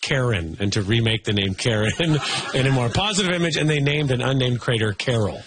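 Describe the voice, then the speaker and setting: A man's voice: medium pitch, animated, brisk, music in the background. A man on a comedy panel who riffs on jokes and acts out little quotes.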